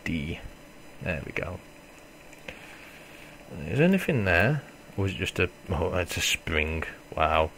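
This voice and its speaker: A man's voice: low-pitched, big pitch swings, unhurried, creaky, pauses often, a little hiss or hum. A man giving casual let's play commentary, swearing and joking at himself as he plays. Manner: swearing, self-mocking, reacts loudly then mutters. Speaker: gamer.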